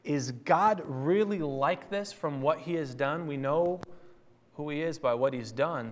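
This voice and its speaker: Man, bible teacher, slightly high voice, chatty with self-corrections, long reverb. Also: a little slow. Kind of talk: sermon.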